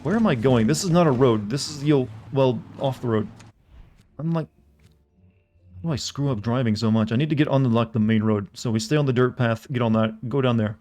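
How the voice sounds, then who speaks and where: A man's voice: mid-range voice, fairly quick, darkish tone. A man with a Southern US accent, casually rambling and joking with viewers while playing a game. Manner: rambling, jokey, chatting with viewers. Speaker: streamer. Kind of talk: casual gameplay commentary.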